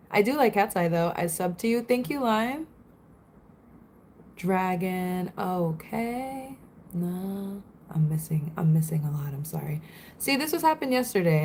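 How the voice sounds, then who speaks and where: A woman's voice: medium pitch, a little mellow. A young woman from Florida chatting casually on a livestream, giggling often and answering viewers' comments.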